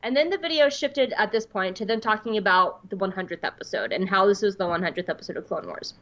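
A woman's voice: medium pitch, lively intonation, fast, fairly bright tone. Chatty woman on a dull recording. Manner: chatty, filler-heavy, reads quotes aloud. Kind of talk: casual commentary.

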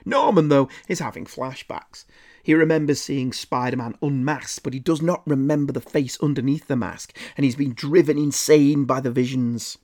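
A man's voice: medium pitch, moderate pace, darkish tone. A man narrating a scripted comic book review with dry, sarcastic asides.

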